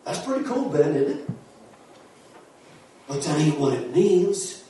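Fiery preacher, echoey hall. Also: male voice, a little high, sing-song, a little slow, distant mic, a little hiss or hum. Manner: fiery preaching, rising to shouts, Southern-style folksy asides. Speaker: pastor. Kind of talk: sermon. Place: church sanctuary.

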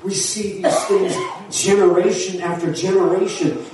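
Pastor, high voice, preaching a fiery sermon, recorded from afar in a very echoey church. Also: male voice, little pitch movement, measured pace, noisy background. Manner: fiery preaching, rising to shouts, Southern-style folksy asides. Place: church sanctuary. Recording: echoey hall from far off.

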